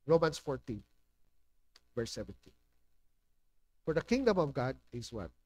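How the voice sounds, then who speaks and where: A man's voice: medium pitch, very animated, unhurried, darkish tone, no room sound, low-quality recording. A man with a Filipino accent preaching a sermon as pastor, switching between English and Hiligaynon and often asking his congregation questions. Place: church.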